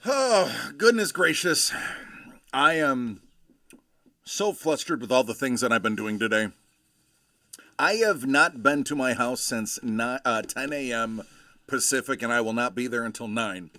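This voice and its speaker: A man hosts a casual livestream, his bright, forward voice swooping up and down as he jokes and greets viewers by name. He sits a touch high for a man, and the sound is dry and close. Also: expressive, measured pace, no room sound. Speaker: livestream host.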